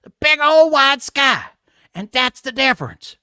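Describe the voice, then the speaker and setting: A man playing a homespun country talker with a drawl. The voice swoops lively and sounds bright in a dry, close recording. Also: extremely high pitch, a little slow, no room sound, pitched above the performer's own voice, full character voice. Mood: folksy.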